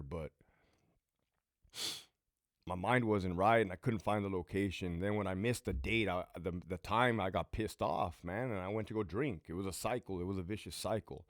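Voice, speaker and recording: Low-pitched and recorded dry with clean studio sound, a former prison guard turned channel host rambles through profane stories from his own life. He's a relaxed Southern California man in his late thirties.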